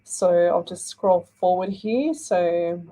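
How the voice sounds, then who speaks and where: A woman's voice: on the low side, warm tone. Chatty psychic woman. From Australia. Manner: chatty, reads out comments, halting with fillers. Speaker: psychic medium host. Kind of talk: live-stream psychic readings.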